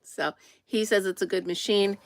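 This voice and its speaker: Chatty woman with a gravelly voice. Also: medium pitch, steady tone, normal speed, slight background noise. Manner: chatty, laughs often, greets viewers by name. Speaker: livestream host. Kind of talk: casual live-stream chat. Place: inside a camper.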